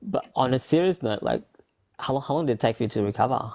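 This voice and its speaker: A very deep, gravelly woman hosts a podcast in easygoing chat. She teases her guest and laughs often, her pitch swinging widely as she jokes. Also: animated, fast, warm tone. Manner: playful, laughs often, teasing. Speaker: podcast host. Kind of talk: casual chat.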